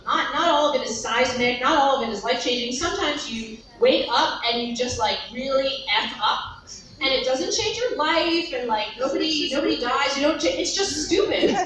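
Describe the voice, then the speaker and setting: A woman telling a story at a summit in an animated, laughing way, full of fillers. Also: sits high, normal speed, noisy background. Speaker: panel speaker at a summit. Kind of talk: storytelling talk. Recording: echoey hall recording from far off.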